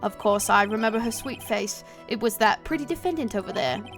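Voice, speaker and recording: A woman's voice: on the high side, expressive, brisk, soft background music. A woman voicing a pompous British man who fakes being posh, in a shaky put-on British accent mixing Cockney and posh. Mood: self-important. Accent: put-on British, Cockney mixed with posh. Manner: reading aloud with a clumsy put-on accent. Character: pompous British man witness, faking poshness.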